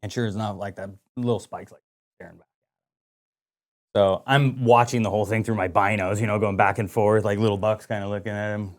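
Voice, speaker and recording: Man, podcast co-host, casual storytelling, lively, lots of quoted dialogue. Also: on the low side, a little fast. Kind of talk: casual hunting story chat.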